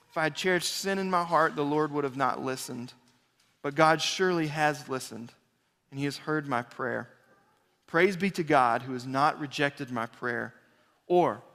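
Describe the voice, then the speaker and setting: A male preacher delivers a sermon in a fairly high voice, his words ringing through a long hall reverb. He speaks earnestly, rising to emphatic repeated phrases and then falling back to a quiet, intimate tone. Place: large church sanctuary.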